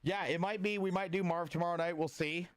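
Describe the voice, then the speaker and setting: A man's voice: high voice, fairly even intonation, fairly quick, a little hiss or hum. A man chatting casually with viewers on a livestream, rambling with lots of filler words and greeting people by name. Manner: laid-back and friendly, greeting viewers by name.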